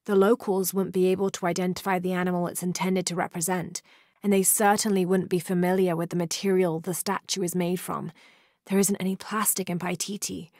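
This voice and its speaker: Young woman archaeologist, video game, low voice, earnest, reflective, dry studio sound. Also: flat delivery, fairly quick, darkish tone, dry recording. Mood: curious. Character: young adventurous woman archaeologist, driven and curious.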